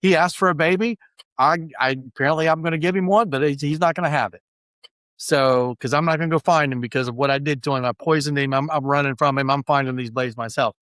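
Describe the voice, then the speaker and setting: A man's voice: fairly high pitch, fast talker, a bit bright, smooth, no room sound, clean studio sound, lightly acted. A man doing a scheming manipulative woman.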